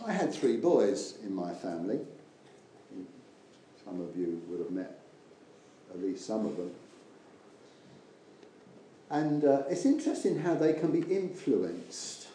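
An older man preaches an earnest, rambling sermon, his voice mellow and dark in tone. His pitch rises and falls in a lively way. The recording is very echoey, with faint ambient noise of the church hall behind him. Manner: earnest, rambling, with many restarts and asides.

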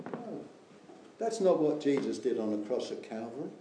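Older preacher in an echoey church. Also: male voice, medium pitch, very animated, normal speed, mellow, a little hiss or hum. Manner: earnest, rambling, with many restarts and asides. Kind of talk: sermon. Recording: echoey room with faint ambience.

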